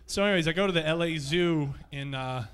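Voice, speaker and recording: A man's voice: fairly high pitch, brisk, fairly bright tone, clear, resonant tone. A man performing a live stand-up set on a comedy club stage, telling loose, rambling stories full of profanity.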